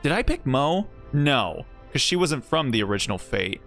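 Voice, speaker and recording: A man's voice: mid-range voice, very animated, moderate pace, creaky, fairly bright tone, faint music behind. A man streaming a game. He rambles casually, swears freely and often breaks off his own sentences. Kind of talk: casual gaming stream commentary.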